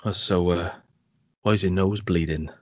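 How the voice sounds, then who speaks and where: Man reading as a deadpan action hero, deeper than his own voice, dry sound. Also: normal speed, no room sound, dull audio. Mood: flat. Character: action hero father giving plain advice.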